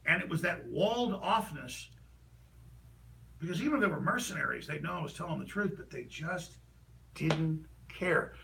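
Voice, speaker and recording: A man delivering an impassioned, ranting political monologue as a talk show host, heated and rapid with sudden bursts of shouting. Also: a little high, animated, vocal fry, recorded from a distance, slight background noise, poor audio.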